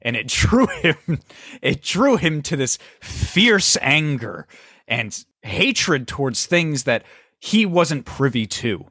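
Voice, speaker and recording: A man's voice: medium pitch, big pitch swings, slow pace, a bit bright, slightly rough, no echo, clean studio sound. A man hosting a casual chat and improvising a rambling, dramatic story. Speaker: podcast host.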